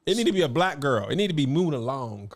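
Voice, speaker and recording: A man trading jokes as a podcast co-host, his voice sitting a little high and swinging all over the place. He riffs playfully in loose, casual banter. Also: fast talker. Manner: animated, joking, playful riffing. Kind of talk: casual comedic chat.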